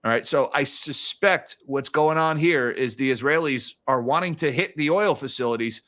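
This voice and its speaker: A man's voice: mid-range voice, moderate pace, a bit bright. A man hosting a casual livestream of market commentary, chatty and given to sarcastic asides. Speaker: financial commentary host.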